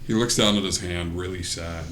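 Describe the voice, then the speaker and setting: A man's voice: low voice, fairly even intonation, normal speed, fairly bright tone. A man narrating a tabletop game as game master, casual, with many fillers and frequent laughs. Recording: echoey room with faint noise.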